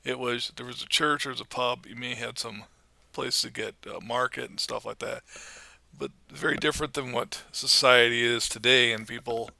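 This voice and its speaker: A man's voice: mid-range voice, fairly even intonation, moderate pace, gravelly, bright, forceful tone, no room sound. A middle-aged man co-hosting a podcast, chatting with wry, grumbling asides. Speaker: podcast co-host. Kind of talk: casual podcast chat.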